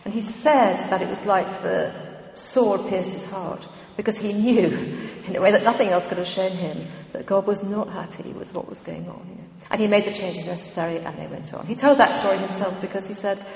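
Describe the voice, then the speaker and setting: A woman's voice: mid-range voice, fairly quick, gravelly. A woman giving an informal church teaching talk on prayer, conversational and meandering, with frequent ums and asides. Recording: dull, echoey hall recording.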